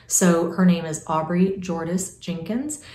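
A woman's voice: fairly low pitch, unhurried, a little mellow, echoey room. A woman in her forties chatting casually through a Q&A vlog, rambling with lots of fillers and restarts. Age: 40s. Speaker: vlogger.

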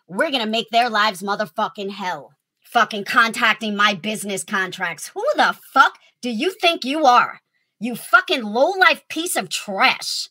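A woman's voice: high voice, very animated, unhurried, pushed and bright, husky. A woman delivering an angry ranting monologue to camera, swearing constantly and issuing threats.

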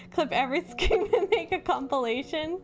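A high-pitched woman talking into a desk mic while she plays a horror game on stream. She chats with viewers, apologizes a lot and lets out nervous laughs and sudden screams. Faint game music plays behind her. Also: lively intonation, normal speed. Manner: chatty, apologetic asides to viewers. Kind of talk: casual live-stream chat.

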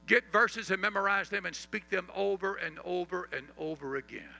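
A man pastor preaching a sermon, leading the congregation in call-and-response and reciting scripture, sometimes dropping to a soft, slow voice for emphasis. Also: high-pitched, vocal fry, faint music behind, rough recording.

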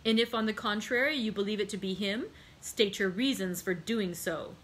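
A woman's voice: mid-range voice, moderate pace, a bit bright, slight background noise, lightly acted. A woman reading as an angry young nobleman. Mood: indignant.

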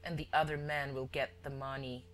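A woman voicing a gentle, innocent young daughter who speaks softly. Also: rumbling low, level tone, normal speed, faint music behind. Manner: soft, murmuring.

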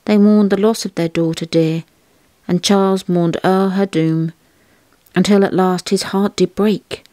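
A woman, co-host of a craft and history show, reciting verses of an old poem in a measured way. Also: lowish voice, warm tone, no echo, clean studio sound. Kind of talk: reading a poem aloud.

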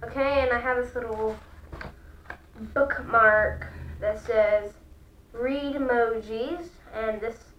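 Slow, echoey woman reading a storybook aloud. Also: a little high, steady tone, fairly bright tone, lo-fi sound. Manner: slow, careful reading with small restarts. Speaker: storybook reader. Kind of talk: reading a children's book aloud. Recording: echoey room, far from the mic, faint background noise.

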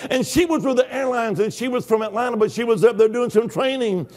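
A high-pitched older man preaching a lively sermon. He swings between storytelling and shouted praise, acting out the voices in his tale. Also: brisk. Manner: exuberant, shouting hallelujahs, acting out dialogue. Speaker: guest preacher. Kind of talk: Pentecostal-style sermon.

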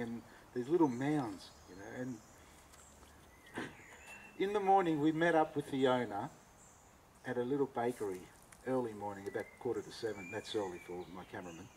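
A man's voice: medium pitch, normal speed, long pauses, darkish tone, slight background noise, poor audio. An Australian man, a cooking teacher giving a talk, tells a story with animation and acts out both sides of a conversation.

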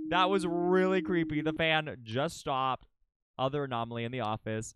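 Young guy streaming a game, dramatic, repeats himself, smooth clear voice, pretty high. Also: steady tone, normal speed, no echo. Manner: dramatic, repetitive, swings from loud panic to low mutters. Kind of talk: live game commentary.

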